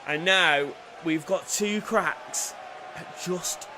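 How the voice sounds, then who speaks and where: A man commentating his football video game career with loud outbursts and cheeky banter. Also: high-pitched, drawn-out words, heavy background noise. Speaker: gaming YouTuber.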